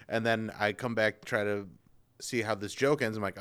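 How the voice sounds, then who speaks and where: A man appearing as a comedian guest on a podcast, telling rambling stories in a halting way. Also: on the low side, steady tone, fairly bright tone, smooth. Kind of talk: casual chat.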